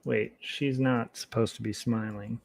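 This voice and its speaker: A man streaming while he draws comics, chatting casually and thinking aloud in a relaxed, self-mocking way. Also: mid-range voice, measured pace, vocal fry. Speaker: comic artist streaming his work. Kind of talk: casual livestream commentary while drawing.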